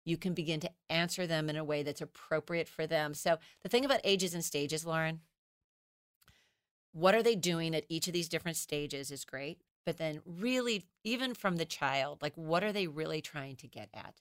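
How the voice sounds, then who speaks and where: A woman who teaches children's ministry, explaining child development as a guest in a podcast interview, animated and acting out how children talk. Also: low-pitched, moderate pace, smooth, no echo, clean studio sound. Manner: animated, acts out children's voices.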